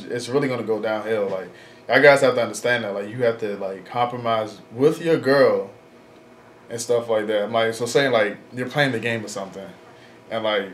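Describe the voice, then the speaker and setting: A man in his twenties talking casually in a vlog, rambling with lots of fillers and slang, blunt and frank. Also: mid-range voice. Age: 20s. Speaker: vlogger. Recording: echoey room, faint background noise.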